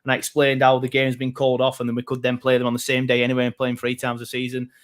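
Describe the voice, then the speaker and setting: A man's voice: medium pitch, monotone, racing. A man co-hosting a football podcast, telling rambling, self-mocking stories. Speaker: podcast co-host. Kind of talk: casual football chat.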